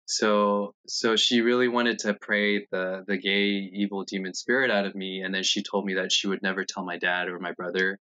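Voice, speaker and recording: Candid man with a bright, forceful voice. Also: deep voice. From United States. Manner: candid, halting, animated when retelling scenes. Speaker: interviewee, congressional candidate. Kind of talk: personal storytelling in an interview. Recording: dull, lo-fi sound.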